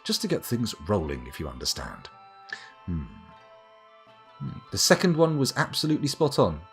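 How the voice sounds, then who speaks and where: A man's voice: medium pitch, wildly swooping pitch, moderate pace, vocal fry, fairly bright tone, faint music behind. A man streaming a game live, rambling and joking at his own expense. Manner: rambling, self-mocking, jokey. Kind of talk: live gameplay commentary.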